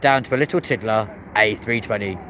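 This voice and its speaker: A man's voice: fairly low pitch, fairly quick, low-quality recording. A man hosting a live stream outdoors beside an airport runway, chatting cheerily and reading out viewers' comments in casual British slang. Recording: loud wind and traffic noise outdoors. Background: wind and passing vehicles.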